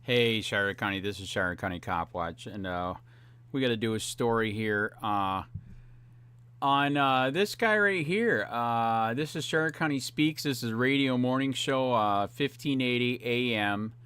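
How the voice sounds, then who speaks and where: A man's voice: medium pitch, unhurried, bright, forceful tone, smooth. A man hosting a police watchdog channel, rambling through a profane commentary full of fillers. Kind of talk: ranting video commentary.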